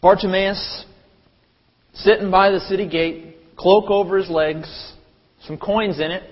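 A man preaching in a church sanctuary with long reverb trailing his words. His voice sits fairly high, and he delivers the sermon animatedly, jumping into loud, high crowd voices. The audio is dull and lo-fi. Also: steady tone, slow. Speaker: pastor.

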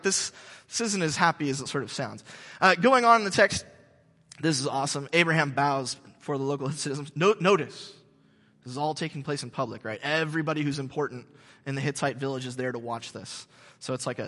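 A man preaching a sermon to his congregation, telling stories in an animated, joking way with many restarts. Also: a little high, long reverb tail. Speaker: pastor. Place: church sanctuary.

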